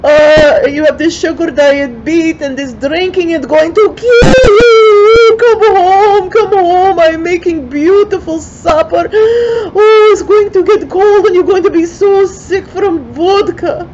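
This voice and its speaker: An older woman voicing a wife with a Ukrainian accent who wails and shouts in pretend worry. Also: extremely high pitch, slow pace, hardly any pauses, lo-fi sound, a little hiss or hum, pitched above the performer's own voice. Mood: fake wailing. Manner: wailing, shouting through a door. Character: shrill middle-aged woman wailing fake worry.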